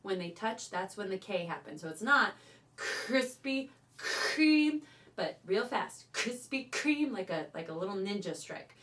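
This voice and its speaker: A woman from California, a voice teacher, leading a choir warm-up and calling out cues between sung drills. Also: medium pitch, normal speed, hardly any pauses. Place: teaching studio. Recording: voice from a distance over loud piano. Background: loud piano accompaniment.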